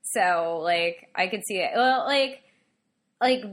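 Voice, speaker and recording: A woman co-hosting a podcast in casual chat, an animated storyteller who acts out other people's lines. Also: mid-range voice, slow pace. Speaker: podcast co-host.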